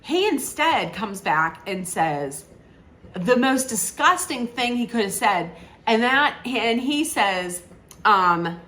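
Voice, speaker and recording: A woman's voice: fairly high pitch, very animated, slow, bright, forceful tone. A woman giving a casual spoken film review, rambling with many restarts and acting out quoted lines.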